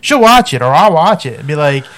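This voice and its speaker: A man co-hosting a podcast, talking casually in halting, self-repeating bursts. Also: fairly high pitch, sing-song, fairly bright tone. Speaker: podcast co-host. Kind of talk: casual chat.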